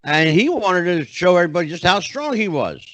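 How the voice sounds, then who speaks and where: A middle-aged man hosts an interview podcast, talking in a chatty, animated way and building up to his questions at length. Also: high-pitched, fairly quick, no room sound. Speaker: podcast host. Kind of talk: conversational interview hosting.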